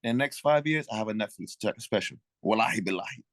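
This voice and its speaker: A man's voice: lowish voice, expressive, fast talker, a bit bright, no room sound. Laid-back swearing male comedian. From Africa. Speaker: guest comedian. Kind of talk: casual chat.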